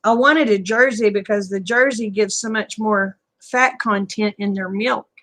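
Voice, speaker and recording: A woman's voice: mid-range voice, a little slow, a bit bright. A middle-aged woman with a Southern US accent, chatting casually with viewers and answering their comments in a folksy way. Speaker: livestream host.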